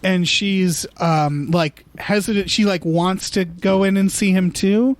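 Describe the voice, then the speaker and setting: A man's voice: high voice, steady tone, unhurried. A man co-hosting a podcast, rambling casually about a film and acting out quotes in funny voices. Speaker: podcast co-host. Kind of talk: casual movie discussion.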